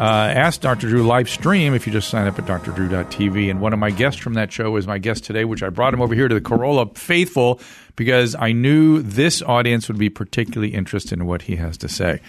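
A man in his sixties hosting a podcast, talking in a quick, animated way with frequent self-corrections. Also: fairly low pitch. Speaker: podcast host. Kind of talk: casual conversational interview.

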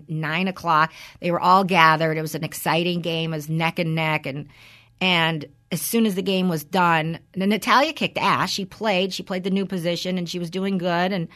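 A woman in her forties hosts a casual podcast chat with a slightly low voice. She tells her story in an animated way, jumping in and out of quoted conversations. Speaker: podcast host.

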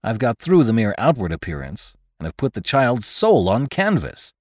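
A man's voice: mid-range voice, wildly swooping pitch, moderate pace, no room sound, clean studio sound. A man reading aloud and voicing an anxious young portrait painter who talks in a hesitant, worried way.

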